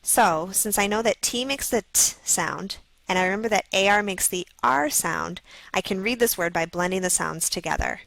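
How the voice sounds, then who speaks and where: A woman narrating a scripted phonics video for children, slowly sounding out letters and words. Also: mid-range voice, fairly bright tone, no room sound, rough recording. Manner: slow, clearly sounding out letters.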